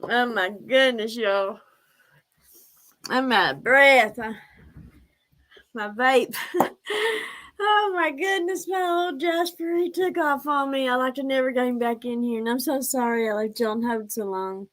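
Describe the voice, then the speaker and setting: A woman's voice: high voice, a little slow. A woman chatting casually on a live stream, rambling and answering her viewers' comments.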